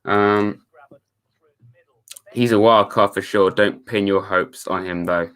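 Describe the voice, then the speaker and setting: A man's voice: lowish voice, fairly even intonation, slow pace, a bit bright, clear, resonant tone. A young man chatting casually to his viewers on a live stream, reading out their messages. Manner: chatty, reads chat messages aloud, laid-back.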